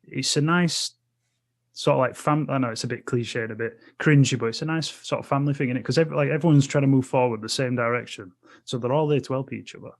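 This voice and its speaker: A man's voice: medium pitch, fast talker, gravelly. A man with a Yorkshire accent co-hosting a casual podcast, laid-back and slangy, rambling a bit. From Yorkshire, England.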